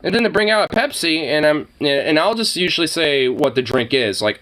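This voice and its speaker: This man's voice sits on the high side, fairly bright, moving fairly quickly with few pauses. He's an Oregon reaction video host whose casual commentary wanders, swears freely and breaks into laughter a lot.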